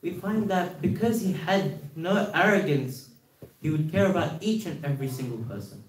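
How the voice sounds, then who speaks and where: A man's voice: fairly high pitch, normal speed. A man giving a sermon, telling stories earnestly, with rhetorical questions and repeated phrases. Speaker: speaker at a religious gathering. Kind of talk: sermon storytelling. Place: hall at a religious gathering. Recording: roomy hall from a distance.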